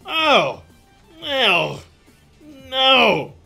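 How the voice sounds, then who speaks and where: A young man hosting a live manga reaction, reading panels aloud and reacting with crude jokes and loud exclamations. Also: extremely high pitch, big pitch swings, very slow, creaky, soft background music.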